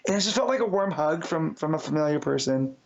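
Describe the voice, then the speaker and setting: A man's voice: a little high, lively intonation, quick pace, creaky. A man co-hosting a podcast, summing up comics in a casual, rambling chat full of fillers and restarts. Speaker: podcast co-host. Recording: dull lo-fi sound.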